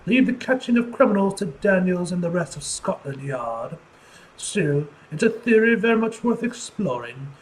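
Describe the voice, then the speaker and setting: A man voicing a stern older British detective professor in a put-on British accent, talking in a measured, lecturing way. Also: sits high, sing-song, slight background noise, rough recording.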